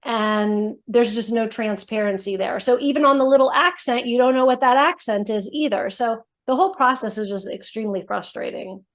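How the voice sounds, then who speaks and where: A woman with a slightly high voice talks through her story in a relaxed podcast interview. She fills her speech with "like" and "you know" as she goes. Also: normal speed, few pauses. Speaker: guest, brand founder.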